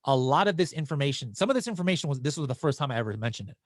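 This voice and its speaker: A man's voice: mid-range voice, sing-song, racing, dry recording, clean studio sound. Casual, chatty man hosting a webinar. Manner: casual and chatty, with frequent restarts and fillers. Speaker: webinar host answering viewer questions. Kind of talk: live webinar Q&A.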